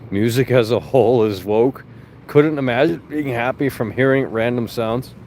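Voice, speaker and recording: A man's voice: mid-range voice, moderate pace, a little mellow, a little hiss or hum. A young man hosting a livestream, chatting casually to viewers in a rambling, sarcastic, profane way from a car. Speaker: livestream host. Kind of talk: casual livestream chat reading viewer comments.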